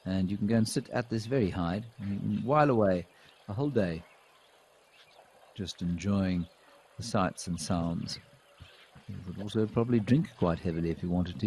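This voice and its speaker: A man hosting a live wildlife cam show, reading out viewer comments and commenting on animals with relaxed, dry humor. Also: deep voice, a little hiss or hum. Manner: dry, deadpan jokes.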